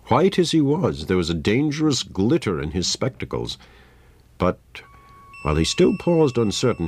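A man reading a story aloud in a measured, dramatic manner. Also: sits low, a little mellow. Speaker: narrator. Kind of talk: scripted story narration.

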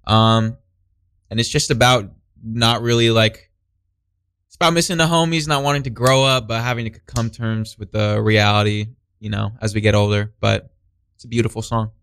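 A man in his twenties, a musician guest, talking in a relaxed, slangy and thoughtful way. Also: on the low side, moderate pace, clean tone, dry recording. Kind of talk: casual interview.

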